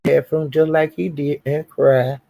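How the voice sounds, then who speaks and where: A man ranting on a live stream, taunting someone with profane insults and slow, drawn-out jabs. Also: a little high, level tone, gravelly, mellow. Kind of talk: heated live-stream rant.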